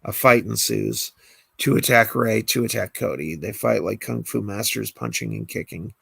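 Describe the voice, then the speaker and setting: A man, a screenwriter, reads the stage directions of his own screenplay aloud in a plain, brisk way. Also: fairly low pitch, vocal fry, fairly bright tone, husky, no room sound.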